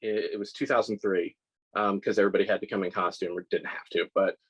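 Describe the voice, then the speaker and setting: A man's voice: low voice, fairly even intonation, quick pace, fairly bright tone, breathy edge, highs cut off. A man in his forties, a scale model maker, telling stories in a casual interview with lots of restarts and self-deprecating laughs. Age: 40s.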